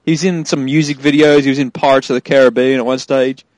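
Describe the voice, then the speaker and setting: A man's voice: mid-range voice, steady tone, fast talker, a little mellow, no room sound, rough recording. A man in casual film chat, blunt and sarcastic, swearing freely.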